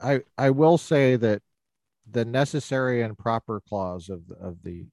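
A man hosting a conversational podcast interview, wry and quick to laugh, with sarcastic asides. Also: mid-range voice, lively intonation, darkish tone, no echo. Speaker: podcast host, professor.

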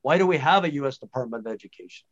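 A man who researches home-based education, speaking as an animated, emphatic guest in a conversational podcast interview. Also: medium pitch, rapid-fire. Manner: animated, emphatic, frequent restarts. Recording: dull lo-fi audio.

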